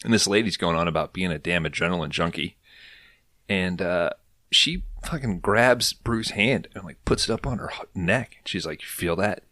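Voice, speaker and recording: A man hosting a podcast, recapping an episode in an animated, casual storytelling way with a lot of swearing. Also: low voice, normal speed, no room sound, studio quality. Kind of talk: casual chat.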